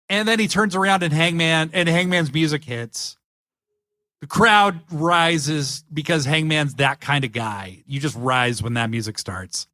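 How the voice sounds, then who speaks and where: A man's voice: a little high, moderate pace, bright, forceful tone. A man co-hosting a casual podcast, animatedly retelling wrestling segments and acting out the lines. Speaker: podcast co-host. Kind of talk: casual wrestling recap chat.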